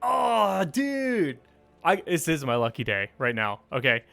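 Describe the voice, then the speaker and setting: A man voicing an excitable young male archer in training who stammers and rushes his words. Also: mid-range voice, no echo, faint music behind. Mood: starstruck. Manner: excitable, stammering, talks fast.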